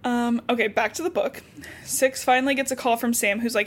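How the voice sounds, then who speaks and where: A woman's voice: fairly high pitch, steady tone, a little fast, a little hiss or hum. A young woman co-hosting a podcast, chatting casually and bluntly about a book, swearing and laughing often. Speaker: podcast co-host. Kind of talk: casual book discussion chat.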